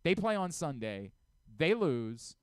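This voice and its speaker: A middle-aged man hosting a sports radio show, ranting about football with rapid swings between low muttering and shouted outbursts. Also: big pitch swings, clean tone, dry recording. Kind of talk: opinionated sports talk. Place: radio studio.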